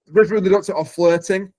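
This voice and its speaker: A man's voice: high-pitched, darkish tone. A man hosting a podcast, eagerly recapping a plot in casual chat. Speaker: podcast host.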